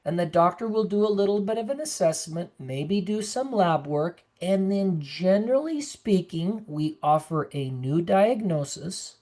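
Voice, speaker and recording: A woman's voice: lowish voice, animated, measured pace, few pauses, dark tone. A woman nurse practitioner giving an earnest, conversational online presentation to caregivers over a video call, sometimes acting out the voices of the people she quotes.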